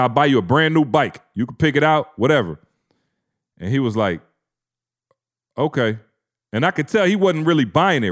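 A man in his thirties, a podcast co-host, telling a family story in casual slang and acting out the quotes. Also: mid-range voice.

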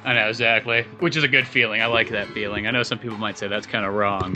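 A man's voice: quick pace, hardly any pauses, faint music behind. A young man co-hosting a podcast, telling a story in casual chat and acting out the people in it with raised voices. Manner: animated, acts out people in his stories with high voices. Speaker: podcast co-host.

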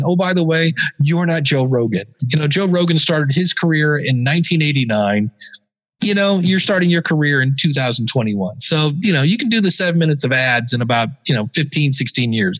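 A man as a podcast guest, telling stories in a casual, animated way and sometimes mimicking other voices. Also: mid-range voice. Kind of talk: casual interview talk.

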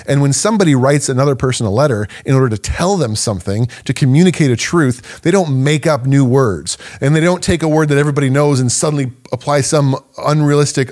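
Male podcast teacher: animated, emphatic, laughs between points. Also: mid-range voice. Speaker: podcast host and Bible teacher.

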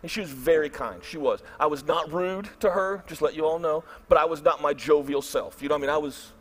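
Telling a story during his sermon, a middle-aged pastor acts out his inner thoughts with lively energy, voicing them loudly. His voice sits high for a man and moves briskly, jumping between quiet asides and loud bursts.

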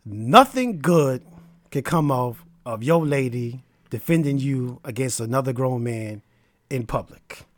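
A man hosting a podcast, telling a story in a casual, animated and preachy way. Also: mid-range voice, measured pace, dry recording. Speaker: podcast host.

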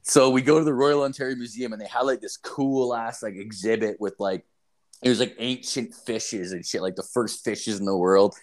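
A man's voice: lowish voice, normal speed. Give me a man telling a loose, profane story, rambling with lots of "like" and "dude" and acting out quoted lines. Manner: animated, acts out quoted lines. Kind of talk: casual storytelling chat.

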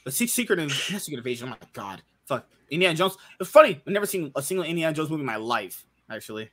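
Man hosting a podcast, lively pitch, husky edge, exclaiming and laughing a lot. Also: racing. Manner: animated, laughing, exclaims in disbelief. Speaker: podcast host. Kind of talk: casual chat.

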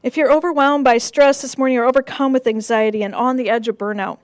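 A woman pastor delivering a sermon in a gentle, measured way, with rhythmic repeated phrases and soft drops for emphasis. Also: high voice, steady tone, dry recording.

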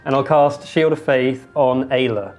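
Guy playing a tabletop game, chatty and excitable, faint music behind. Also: medium pitch, measured pace. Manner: excitable, thinking aloud. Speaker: player. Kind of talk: casual tabletop play.

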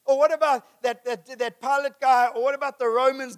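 A middle-aged male pastor preaching a sermon, passionate, building to emphatic peaks and then dropping low. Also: moderate pace, hardly any pauses, a bit bright.

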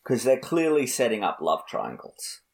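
A man's voice: mid-range voice, huge pitch swings, normal speed, vocal fry. A man co-hosting a podcast, chatting casually about films in a dry, teasing way. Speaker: podcast co-host. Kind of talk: casual film discussion.

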